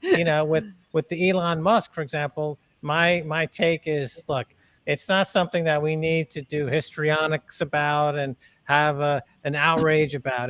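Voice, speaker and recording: A man hosting a panel talk, ranting in a bombastic way and often breaking into shouts. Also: fairly high pitch, dry recording. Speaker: host.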